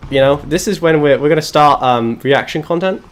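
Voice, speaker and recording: A man's voice: on the high side, brisk. A man streaming a game live, chatting with his viewers in a sarcastic, self-mocking, joking way. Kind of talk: live gaming stream chat.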